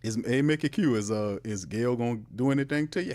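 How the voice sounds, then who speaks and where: A man hosting a casual live sports talk show, animated and emphatic, with sudden jumps in pitch. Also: fast talker, few pauses.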